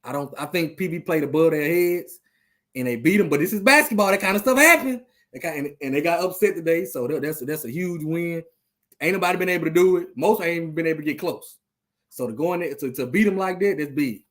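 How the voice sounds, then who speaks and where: A man's voice: on the high side, animated, fairly quick, a bit bright. A man hosting a live sports talk stream, rambling loosely and trash-talking the teams. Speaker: podcast host.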